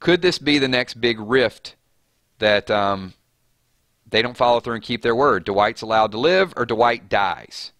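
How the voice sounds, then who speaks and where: A man's voice: medium pitch, unhurried, no echo, studio quality. A man hosting a casual live stream, chatting loosely and reading out viewer comments, his voice jumping up on names and questions. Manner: animated, voice jumps up on names and questions.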